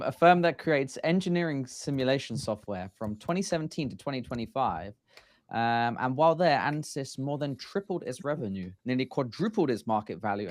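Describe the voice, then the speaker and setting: A man's voice: mid-range voice, dry recording. Hesitant male podcast host, dry sound. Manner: hesitant, lots of ums. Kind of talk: casual podcast chat.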